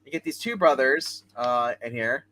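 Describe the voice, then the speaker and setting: A man hosting a casual comic book chat, retelling stories in a rambling, animated way. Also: medium pitch, moderate pace. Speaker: comic book show host.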